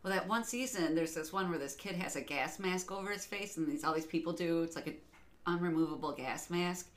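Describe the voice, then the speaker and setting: A woman co-hosting a casual podcast, rambling and quick to laugh as she tells stories. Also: fairly low pitch. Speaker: podcast co-host.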